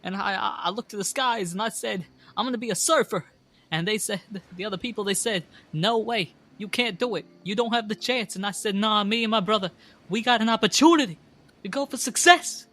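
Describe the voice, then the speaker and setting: A man's voice: sits high, brisk, sharp tone, voice pushed up, exaggerated voice. A man voicing a swaggering young male penguin surfing champion who gives a preachy victory speech. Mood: boastful.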